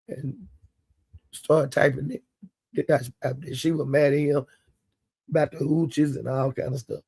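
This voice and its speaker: Host: a man, husky and rough, rambling gossip storyteller. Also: on the high side, darkish tone, no room sound. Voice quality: gravelly, husky. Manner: rambling, with quoted asides. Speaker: channel host.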